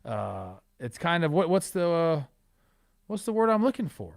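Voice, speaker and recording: Male podcast co-host, slightly high voice, lively and teasing, dry close sound. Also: moderate pace, creaky, dry recording. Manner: animated, joking, teasing. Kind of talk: casual sports chat.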